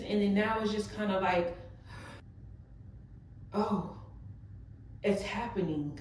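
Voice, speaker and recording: A woman's voice: mid-range voice, slow, pauses often, darkish tone, far from the mic, a little hiss or hum. A young woman, talking openly and emotionally to her viewers, full of casual fillers. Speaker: vlogger. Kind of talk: heart-to-heart vlog talk. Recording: echoey room, voice off-mic.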